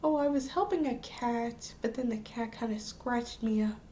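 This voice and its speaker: A woman voicing a gentle, sheepish young man while retelling a cartoon episode. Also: fairly high pitch, normal speed, a little hiss or hum, close to an everyday voice.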